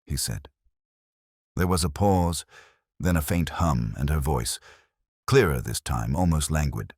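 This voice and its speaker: Male narrator, first-person mystery, wry, very deep voice, dry close sound. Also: very animated, a little slow, husky, no room sound. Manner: wry, conversational storytelling.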